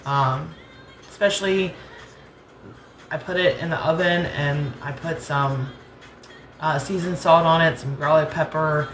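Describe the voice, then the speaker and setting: A rural Southern woman from the United States runs a cooking channel, chatting and rambling with easy laughter as she cooks at home. Her low voice stays steady and unhurried, with long pauses. The recording is reverberant and has a little hiss or hum.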